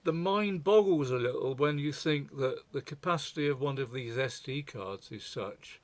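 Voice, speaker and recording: A man's voice: medium pitch, moderate pace. Older man giving a wry, digressive talk. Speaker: speaker presenting to a forum. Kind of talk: reflective presentation talk.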